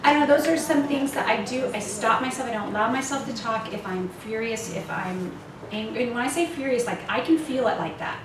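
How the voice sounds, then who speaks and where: A woman's voice: fairly high pitch, animated, fairly quick. A woman in her fifties speaking candidly to a women's retreat, laughing often and poking fun at herself. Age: 50s. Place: retreat meeting room. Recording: echoey room, far mic, noisy.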